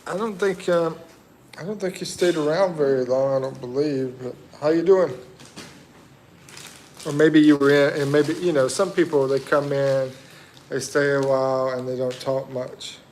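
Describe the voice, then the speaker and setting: A man's voice: on the high side, steady tone, moderate pace, darkish tone, a little hiss or hum. A man hosting a casual livestream, chatting with viewers and thinking aloud in a rambling way. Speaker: livestream host. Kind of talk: casual live chat reading viewer comments.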